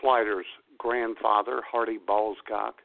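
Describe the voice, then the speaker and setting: A man co-hosting a radio talk show, chatting casually with quick, expressive reactions. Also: lowish voice, gravelly. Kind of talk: casual chat. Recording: tinny phone-like sound.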